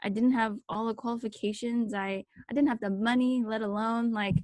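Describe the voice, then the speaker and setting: A woman's voice: fairly high pitch, moderate pace, no room sound. Young woman telling a story, filler-heavy. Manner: animated storytelling, many fillers. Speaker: podcast co-host. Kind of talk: casual chat.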